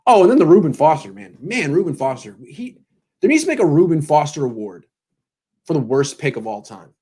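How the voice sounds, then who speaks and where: A man in his thirties hosts a casual sports show, riffing sarcastically and jumping between voices as he tells his stories. His pitch sits a touch high and swings widely as he talks. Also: brisk, husky. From California. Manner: sarcastic, animated storytelling with mock voices. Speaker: sports blogger and show host. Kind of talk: casual pregame commentary.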